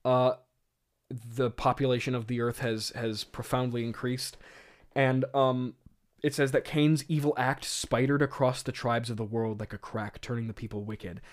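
A man's voice: medium pitch, level tone, moderate pace. A man hosting a podcast, talking in a rambling, laughing way full of fillers. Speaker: podcast host. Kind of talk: casual comedic commentary.

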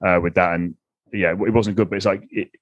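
Fast-talking, blunt man. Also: deep voice, fairly even intonation, no echo, highs cut off. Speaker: podcast host. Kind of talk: casual podcast conversation.

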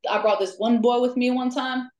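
A woman's voice: on the high side, normal speed. Chatty woman telling stories in an echoey room. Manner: lively, laughs often, many "um" fillers. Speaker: guest, amateur ghost hunter. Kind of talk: casual storytelling chat.

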